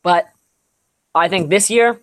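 A young man co-hosting a podcast, talking casually about sports in a relaxed, rambling way full of fillers. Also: high-pitched, takes it slowly. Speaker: podcast co-host.

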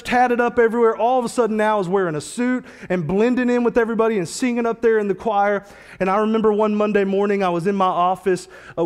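A man's voice: sits high, big-room sound. A man preaching a sermon as a pastor, telling a story in a casual, slangy, conversational way.

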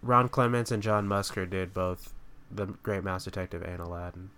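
A man co-hosting a casual podcast chat about animated films, relaxed and opinionated, often trailing off quietly. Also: low voice, normal speed, a little hiss or hum. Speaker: podcast co-host.

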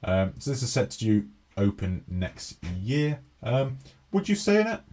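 This is a man co-hosting a relaxed chat podcast, with a mid-range male voice. He reads items out loud, then slips into joking skits and quick banter with his co-host. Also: mid-range voice. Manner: reads news aloud, then jokes and acts out skits. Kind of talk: casual chat.

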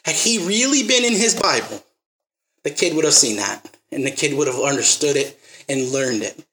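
A man's voice: on the high side, lively intonation, moderate pace, sharp tone, echoey room, poor audio. A man preaching a sermon, telling stories and acting out the quotes, then pressing the listeners with emphatic rising questions.

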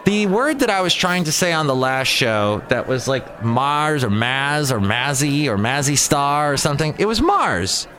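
A man's voice: medium pitch, very animated, a little slow, few pauses, pushed and bright. A man hosting a casual solo show, rambling and sarcastic as he jumps from topic to topic. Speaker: podcast host.

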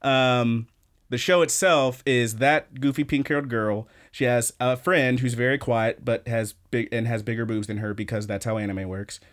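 Excitable young guy recapping an anime. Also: mid-range voice, moderate pace. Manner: excitable, swears freely, quotes scenes in voices. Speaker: podcast co-host. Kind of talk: casual chat.

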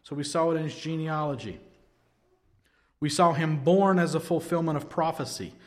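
A man preaching a sermon, retelling scripture with lively storytelling and acted-out quotes. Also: a little high, moderate pace. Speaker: pastor.

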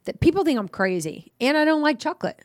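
A woman's voice: high voice, sing-song, fast, dry recording. Chatty woman in her fifties, dry mic. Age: 50s. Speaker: podcast host. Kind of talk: casual chat.

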